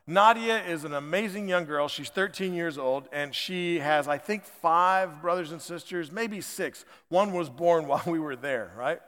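High-voiced fifty-year-old pastor in a reverberant hall. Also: male voice, a little slow, few pauses, a bit bright. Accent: American. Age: 50s. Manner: conversational, chatty and folksy. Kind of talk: sermon. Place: church sanctuary.

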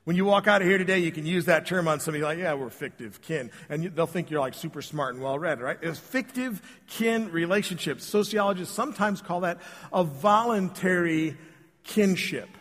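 A man's voice: high-pitched, a little fast, a bit bright. Man preaching in a reverberant church. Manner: casual, joking, addresses the congregation directly. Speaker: pastor. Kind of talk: conversational sermon with storytelling. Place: church sanctuary.

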